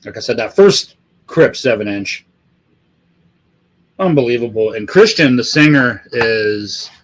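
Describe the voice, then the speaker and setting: A man's voice: medium pitch, expressive, unhurried. Profane, rambling man hosting a livestream. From Los Angeles. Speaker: livestream host. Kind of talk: casual livestream chat.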